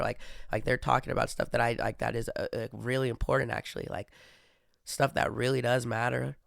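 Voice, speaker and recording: A man's voice: mid-range voice, little pitch movement, quick pace, vocal fry, no echo, clean studio sound. A young man hosting a casual monologue, rambling with many fillers and restarts. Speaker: podcast host.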